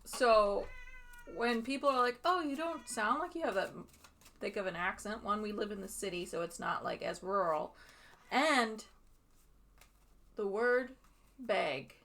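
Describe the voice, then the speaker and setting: A woman's voice: mid-range voice, animated, unhurried, pauses often, fairly bright tone. A woman from Wisconsin, co-hosting a tarot livestream with playful, jokey banter. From Wisconsin, USA. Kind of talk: casual livestream chat.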